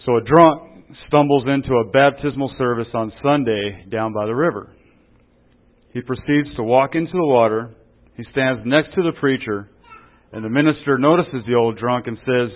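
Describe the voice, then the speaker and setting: A man preaching a sermon in a folksy, joking way, often asking "Amen?" as he teaches. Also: medium pitch. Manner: jokey, chuckles at his own stories. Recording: tinny phone-like recording.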